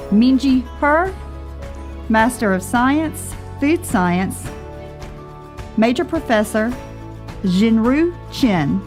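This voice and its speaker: A woman announcer reads out graduates' names and degrees at an unhurried, deliberate pace. Her delivery is formal and measured, with faint music playing beneath her voice. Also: fairly high pitch, lively intonation, a little mellow. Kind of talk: formal name reading.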